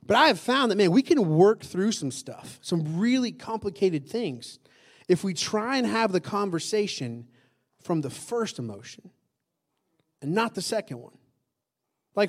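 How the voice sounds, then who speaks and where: A man preaching a sermon to a congregation in a conversational style, often asking the room questions and repeating key lines for emphasis. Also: high-pitched. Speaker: pastor.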